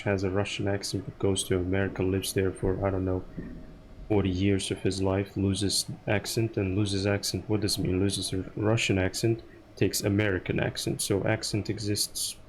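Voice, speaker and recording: A man's voice: low-pitched, slight background noise. A man streaming a game, musing and rambling aloud to his chat in casual talk.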